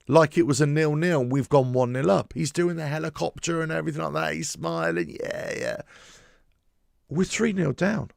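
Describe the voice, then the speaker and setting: Male fan host, very gravelly, dry close sound, emphatic opinionated monologue. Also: a little high, no echo. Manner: emphatic, repetitive, frustrated. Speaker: football fan channel host. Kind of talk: opinionated solo commentary.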